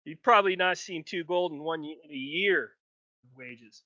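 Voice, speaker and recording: A man's voice: a little high, normal speed, pushed and bright, no room sound, muffled recording. A man running a tabletop game as game master, narrating loosely with many restarts. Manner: rambling, restarts, acts out figures.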